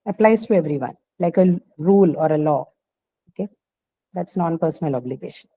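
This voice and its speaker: A woman's voice: sits low, lively intonation, a little fast, mellow, a little hiss or hum, rough recording. A woman teacher explaining a grammar point patiently in an online class, often checking in with the students. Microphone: video call.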